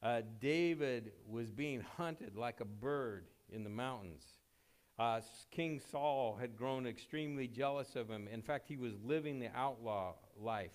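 A man preaching a sermon in a conversational way, with many fillers and self-corrections. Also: measured pace. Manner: rises loud and high when reading scripture aloud. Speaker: pastor.

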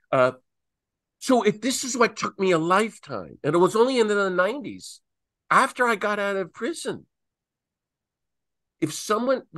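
A middle-aged man, a priest and peace activist, telling stories animatedly and acting out quotes with big swings in pitch, on a video call. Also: a bit bright, no room sound, clean studio sound. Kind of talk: animated talk answering questions.

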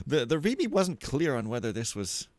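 A man's voice: medium pitch, sing-song, moderate pace. A young man giving rambling, sarcastic, self-mocking commentary as he plays a stealth game. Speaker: let's play host. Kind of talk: casual gameplay commentary.

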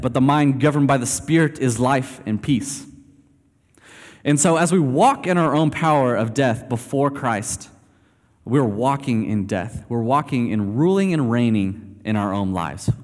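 A man preaching a sermon in a loose, conversational way, full of fillers and asides. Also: mid-range voice. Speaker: pastor. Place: church sanctuary. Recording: long hall reverb.

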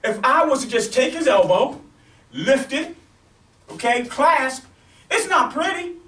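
Guy with a really high voice coaching takedowns on a partner, keeps saying okay right, echoey room, mic far off. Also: lively intonation, unhurried, sharp tone. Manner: repetitive, checks in with "okay?" and "right?"; demonstrating moves on a partner. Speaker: self-defense instructor. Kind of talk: teaching demonstration.

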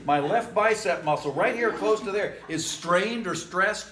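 A pastor preaches in an easygoing, joking way, drifting into chuckling asides. His voice sits a little high and sounds bright and forceful. The church room adds a strong echo. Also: measured pace. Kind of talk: casual conversational sermon. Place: church sanctuary.

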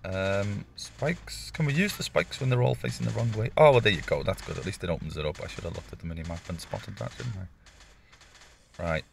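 Guy doing game commentary, real low gravelly voice, swears a lot and jokes around. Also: quick pace, slight background noise. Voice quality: gravelly morning voice. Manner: chatty, swears often, jokey asides. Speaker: gaming YouTuber. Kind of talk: casual gameplay commentary.

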